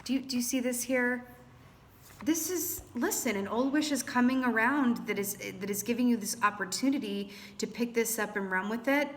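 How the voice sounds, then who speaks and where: A young woman reading tarot cards for her viewers in a chatty, animated way, thinking aloud with lots of fillers. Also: fairly high pitch, a little hiss or hum. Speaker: tarot reader. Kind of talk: casual tarot reading to camera.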